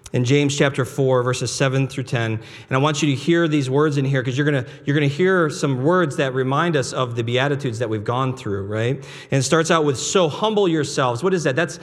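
A pastor preaching a sermon in a casual, conversational way, full of restarts and rhetorical questions. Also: male voice, medium pitch. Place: church sanctuary. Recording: long hall reverb with soft guitar behind. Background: soft guitar music.

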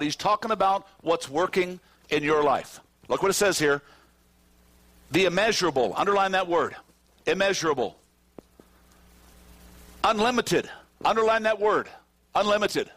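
A man with a high, light voice preaches a sermon in a church. He swings from soaring, near-shouted peaks to hushed, slow endings, leaning hard on single words. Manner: preaching with wide swings, rising to shouts and dropping low. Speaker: pastor. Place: church sanctuary with congregation.

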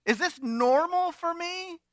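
A put-upon talking donkey, her voice pushed high and bright as a man preaching gives her lines. She pleads plainly with her rider, in a dry close sound with no room around it. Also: slow, no room sound, exaggerated voice. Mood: pleading. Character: exasperated talking female donkey, plain-spoken.

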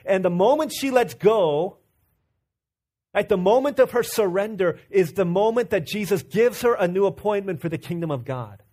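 A man in his thirties preaching a sermon, earnest and repeating himself, dropping to a soft low voice for stories. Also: animated, normal speed. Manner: earnest, repeats words and restarts, drops to a soft low voice when telling stories. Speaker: pastor.

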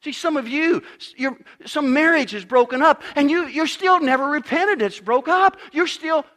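A middle-aged pastor preaching a sermon, emphatic, dropping to a hush and then rising loud again. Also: male voice, very high voice, animated, normal speed. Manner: emphatic preaching, swinging between loud and hushed.

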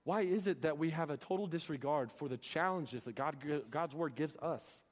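A young male preacher delivering an earnest sermon, firing off rhetorical questions at his congregation. His voice sits a bit higher than most men's. It rings out through a church hall with a long reverb tail. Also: normal speed.

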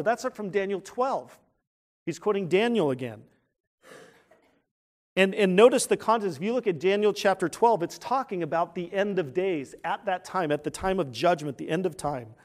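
With a high-pitched voice at a moderate pace, a male pastor preaches as if in conversation, questioning the congregation and dropping to a hushed tone to stress serious points.

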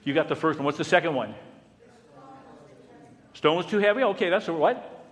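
A man preaching a sermon, swinging from loud exclamations down to hushed, almost whispered words, with rhetorical questions and repeated storytelling lists. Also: a little high, moderate pace. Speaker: pastor. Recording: long hall reverb.

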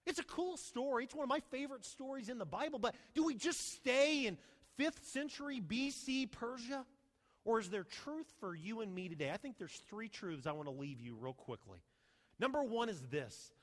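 Male pastor, high expressive voice, animated storytelling sermon, reverberant hall sound. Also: normal speed. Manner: animated storytelling with rhetorical questions.

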